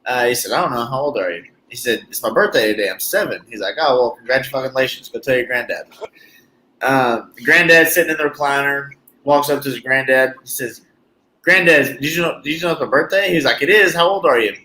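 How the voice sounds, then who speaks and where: A man hosting a casual chat, telling a joke in a relaxed, drawling way and saying "y'all". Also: medium pitch, fairly quick, slight background noise. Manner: drawling storyteller with Southern "y'all". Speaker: podcast host. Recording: roomy echo, faint ambience.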